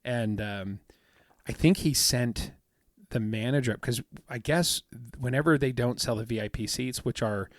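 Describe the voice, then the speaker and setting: A man chatting casually on a podcast, telling a long anecdote with lots of "um" and "like" and acting out what others said. His voice sits at an ordinary middle pitch. The sound is close and dry, with no room around it. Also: normal speed, dry recording. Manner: rambling storyteller, many fillers, acts out quotes. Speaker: podcast co-host. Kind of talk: casual chat.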